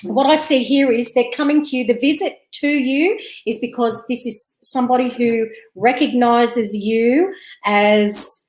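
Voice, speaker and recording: A woman's voice: fairly high pitch, steady tone, unhurried, a little mellow, reverberant, poor audio. A woman hosting a live psychic reading, chatty and giggly, calling viewers love and darling.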